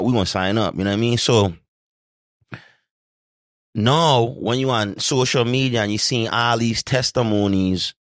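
A man's voice: on the low side, fairly bright tone, dry recording, studio quality. A man hosting a casual chat, laid-back and swearing freely as he tells stories. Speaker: podcast host.

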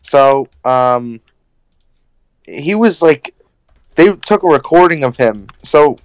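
A man's voice: mid-range voice, expressive, slow pace, smooth, no room sound. A man co-hosting a casual chat, laid-back and rambling. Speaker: podcast co-host.

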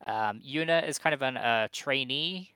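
A man's voice: mid-range voice, unhurried, pushed and bright, clean tone, no room sound, rough recording. A man co-hosting a podcast, recapping in a wry, rambling chat full of fillers. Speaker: podcast co-host.

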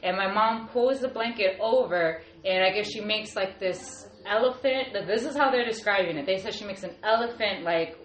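A woman's voice: medium pitch, normal speed, hardly any pauses, fairly bright tone. A woman in her thirties telling a personal story casually, with lots of "like" and trailing restarts. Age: 30s. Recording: echoey room, faint ambience.

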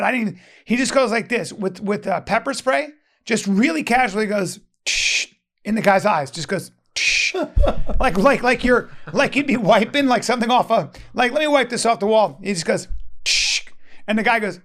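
This Venice, Los Angeles resident has a high voice with a fairly bright tone. Chatting casually, he spins a meandering, foul-mouthed story and keeps starting over.

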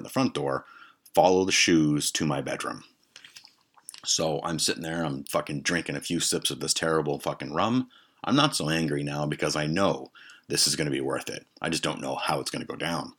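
Podcast host, very deep, raspy, swears constantly in a comic monologue. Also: male voice, a bit bright. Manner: heavily profane, heated retelling.

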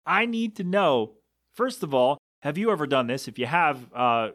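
A man's voice: fairly high pitch, expressive, moderate pace, fairly bright tone, dry recording, studio quality. A man hosting a solo podcast, ranting in disbelief with rhetorical questions and coughing a bit. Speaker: podcast host.

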